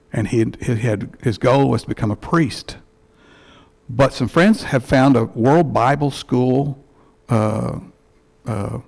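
Gravelly church elder preaching. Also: male voice, mid-range voice, a little mellow. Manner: heartfelt, halting storytelling with restarts. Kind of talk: personal sermon story.

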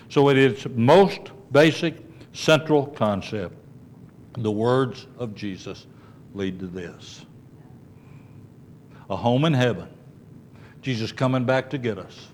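A man preaching a sermon in a conversational way, dropping low and soft when he quotes scripture. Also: slow pace, pauses often. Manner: conversational preaching, asides like "okay" and "don't sweat it". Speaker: pastor.

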